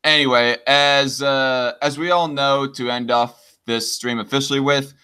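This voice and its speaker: A man hosts a casual live stream with a bright, clear and crisp voice. He stumbles and restarts his words often, cracking crude jokes in loose banter. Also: mid-range voice, steady tone, measured pace. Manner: stammering, crude joking banter.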